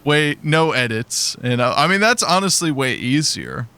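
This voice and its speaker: A man's voice: on the high side, lively intonation, normal speed, pushed and bright, clear, resonant tone. A man hosting a casual podcast chat, joking and teasing his co-hosts in a laid-back way. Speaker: host and producer.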